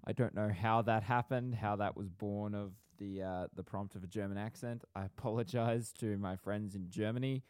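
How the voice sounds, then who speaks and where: A man's voice: on the low side, fairly even intonation, moderate pace, few pauses, darkish tone, clear, resonant tone, no room sound. A young man co-hosting a podcast, chatting playfully and laughing easily. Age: young adult. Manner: playful, laughing, good-humored. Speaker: podcast co-host. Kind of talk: casual chat.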